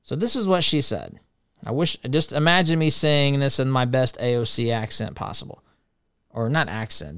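A man's voice: mid-range voice, expressive, normal speed, a bit bright, clean tone, no room sound, clean studio sound. Opinionated male talk show host. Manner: opinionated, conversational, addresses listeners as friends. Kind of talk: political commentary.

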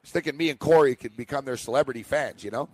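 A man's voice: mid-range voice, fast talker, no room sound. A man co-hosting a casual sports betting chat, telling stories animatedly and laughing often. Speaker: sports betting podcast co-host.

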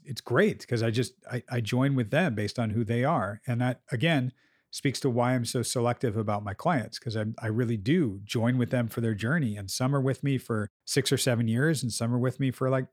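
A man co-hosting a podcast as a therapist, talking candidly in a relaxed chat and acting out quotes from clients. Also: medium pitch, moderate pace, no room sound, clean studio sound. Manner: candid, swears freely, acts out client quotes.

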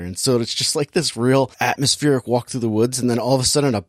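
A man's voice: mid-range voice, fairly even intonation, a little fast, few pauses, no room sound, studio quality. A man hosting a casual podcast, recapping a film with sarcastic, jokey asides. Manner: sarcastic, jokey, acts out scenes. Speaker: podcast host reviewing a film. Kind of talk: casual chat.

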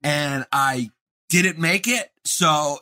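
A man's voice: fairly high pitch, very slow, pushed and bright. A man co-hosting a casual chat, joking and self-deprecating. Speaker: co-host.

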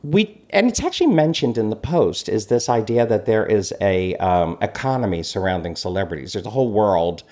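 A man co-hosting a casual podcast chat as a celebrity blogger, telling stories with animated swings in his voice. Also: brisk, few pauses. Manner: animated storytelling, lively swings in pitch.

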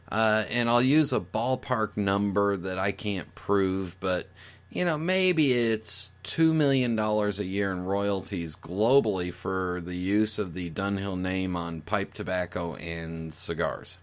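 A man's voice: low voice, slow, clean tone. A man speaking as a guest on a podcast, giving his opinion in a casual, explanatory way and thinking aloud with fillers and restarts.

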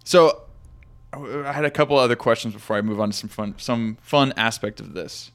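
A man's voice: fairly low pitch, brisk. A man hosting a casual podcast chat, rambling with many fillers while asking his guest questions. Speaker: podcast host. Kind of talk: casual conversational interview.

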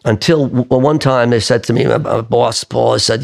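An older man, a singer-songwriter, telling lively stories in an interview and acting out the voices of the people in them. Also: medium pitch, normal speed, gravelly, hardly any pauses. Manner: lively raconteur who acts out quoted voices. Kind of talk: conversational storytelling interview.

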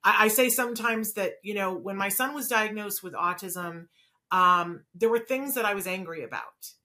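A woman's voice: mid-range voice, moderate pace, bright, forceful tone. A woman hosting an interview, a parent herself, asking questions and sharing personal experience in an earnest, conversational way. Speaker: host and parent. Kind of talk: podcast interview.

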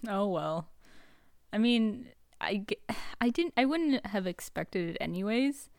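A woman's voice: medium pitch, animated, slow, darkish tone, no echo, clean studio sound. Giggly woman podcast co-host. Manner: giggly, chatty reactions. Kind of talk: casual chat.

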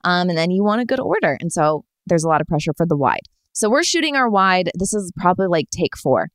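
A woman's voice: on the low side, quick pace, no echo, clean studio sound. A woman on a podcast, chatting casually and acting out quotes with lots of laughter. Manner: animated, acts out quotes, laughs often. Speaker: podcast guest. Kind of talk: casual storytelling chat.

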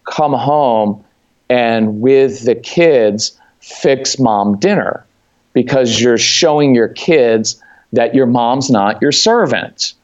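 A man in casual chat giving parenting advice, lively, acting out what he tells his kids. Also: medium pitch, slow, lo-fi sound.

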